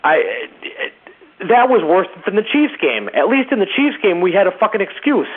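A man's voice: high voice, sing-song, moderate pace, breathy edge. A man calling in to a radio show, ranting with disgust and heavy profanity. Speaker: caller. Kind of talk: ranting voicemail. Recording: tinny phone line.

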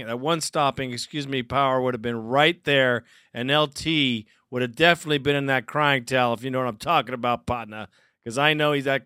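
A man hosts a fan call-in show, talking slangy and loose. His voice sits a bit high and bright. The sound is dry and close. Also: clear, resonant tone, dry recording. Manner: animated, slangy, laughs often. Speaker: fan radio show host. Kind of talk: casual fan call-in chat.

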